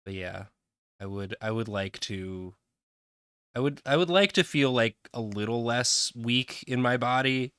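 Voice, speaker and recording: A man's voice: medium pitch, measured pace, a bit bright, smooth, no room sound, clean studio sound. A young man co-hosting a casual stream chat, rambling and joking, sometimes acting out silly voices in his stories. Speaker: co-host.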